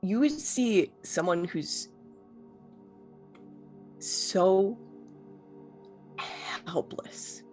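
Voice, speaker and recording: A tabletop player describing their character haltingly, pausing to search for words. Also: medium pitch, animated, darkish tone, soft background music. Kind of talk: casual tabletop role-play.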